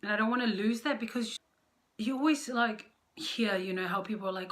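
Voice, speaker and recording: A woman's voice: medium pitch, brisk, fairly bright tone. A young woman giving marriage advice to camera in casual chat, candid, playful and poking fun at herself. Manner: candid, playful and self-mocking. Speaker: vlogger.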